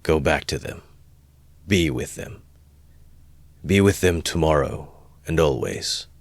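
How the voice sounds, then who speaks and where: A deep-voiced man muttering as a brooding young man. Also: no room sound, heavily acted. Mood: grim. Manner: quiet, slow, muttered. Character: feverish brooding young man, resolved and withdrawn.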